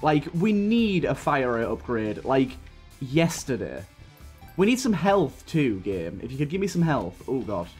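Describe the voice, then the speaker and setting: A man's voice: mid-range voice, sing-song, unhurried, darkish tone. A young man hosting a gaming channel, rambling through a childhood story while grumbling at his run. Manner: rambling storytelling broken by frustrated outbursts at the game. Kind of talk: gaming commentary. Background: faint game music.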